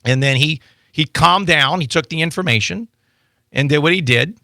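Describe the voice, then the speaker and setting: A man appearing as an attorney guest, chatting casually in a radio studio and telling animated stories with lots of restarts. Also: on the high side, moderate pace, gravelly, no echo. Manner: animated storytelling with frequent restarts. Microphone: studio microphone.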